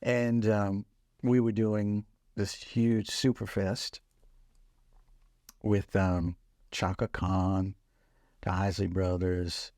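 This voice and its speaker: Low-voiced older man telling stories. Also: extremely slow, long pauses, no room sound, studio quality. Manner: relaxed, laughing storyteller, acts out quoted voices. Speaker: musician recalling stories, podcast guest. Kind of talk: casual storytelling chat.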